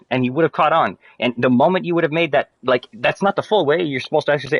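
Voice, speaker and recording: A man ranting casually to viewers, rambling, swearing and turning loud and emphatic. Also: mid-range voice, fast talker, husky, dry recording, poor audio. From Canada. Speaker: streamer.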